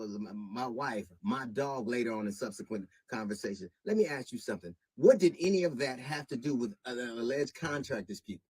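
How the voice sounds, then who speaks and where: A middle-aged comedian making a public statement, measured at first and then indignant, with halting restarts. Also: male voice, mid-range voice, husky, dry recording, rough recording.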